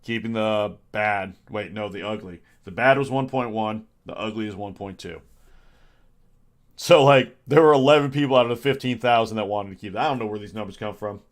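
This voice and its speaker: A man's voice: fairly low pitch, a little fast. A man chatting casually on a livestream, rambling and sarcastic, with frequent chuckles. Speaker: streamer.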